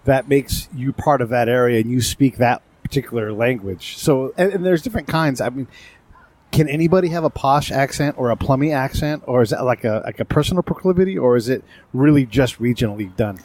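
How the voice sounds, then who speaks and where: A man's voice: mid-range voice, brisk, a little mellow. A man hosting a podcast interview, chatting casually and asking loose, rambling questions while laughing easily. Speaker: podcast host. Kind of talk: conversational interview.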